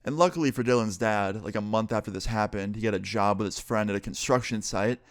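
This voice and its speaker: A man's voice: on the low side, fast, dry recording, clean studio sound. A young man from New York state telling a personal story casually, acting out quoted dialogue and leaning on "like" a lot. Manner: animated retelling with lots of "like" and quoted dialogue.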